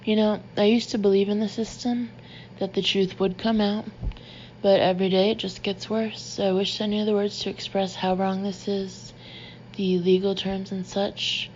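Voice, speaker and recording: A woman's voice: mid-range voice, flat delivery, moderate pace, darkish tone, muffled recording, slight background noise, lightly acted. A woman voicing an insistent Southern mother. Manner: pleading, emphatic. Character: middle-aged mother, fervent and insistent.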